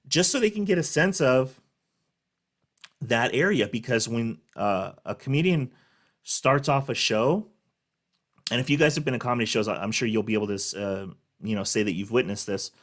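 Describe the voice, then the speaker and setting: A man's voice: on the low side, moderate pace. A man hosting a reaction video, explaining things in a casual, rambling way with many fillers. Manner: rambling, lots of fillers and restarts. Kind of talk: casual commentary.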